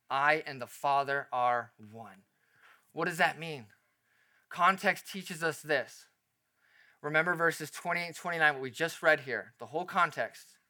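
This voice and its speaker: Bright-toned, emphatic male preacher. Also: fairly high pitch. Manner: animated, emphatic preaching with rhetorical questions. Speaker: pastor. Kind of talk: sermon.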